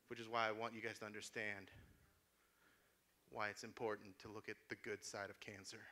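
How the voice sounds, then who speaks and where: A man in his thirties doing a stand-up comedy set on a small club stage, sardonic and deadpan with sudden shouted outbursts. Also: on the low side, fairly quick, long pauses, a little hiss or hum. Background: small audience laughing.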